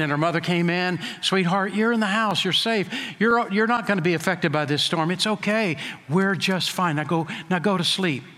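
Bright-voiced preacher in a reverberant hall. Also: male voice, fairly high pitch. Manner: emphatic preaching with slowed, stressed phrases and rhetorical questions. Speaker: pastor. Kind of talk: sermon.

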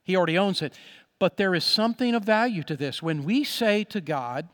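A man preaching a sermon on money to his congregation, earnest and emphatic, slowing on key words and dropping soft when he voices a prayer. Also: high-pitched, animated, in a large hall. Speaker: pastor.

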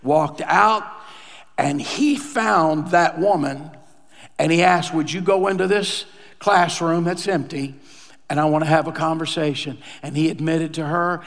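A man preaching as pastor, slipping into the voices of people he quotes as he tells a story. His voice sits a little high for a man. Long reverb of the church hall trails after every line. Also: unhurried, fairly bright tone. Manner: conversational storytelling, acting out quoted lines. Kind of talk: sermon storytelling.

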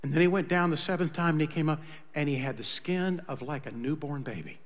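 A male pastor preaching a sermon, retelling a story dramatically and swinging between loud passages and hushed ones. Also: a little high, brisk, big-room sound.

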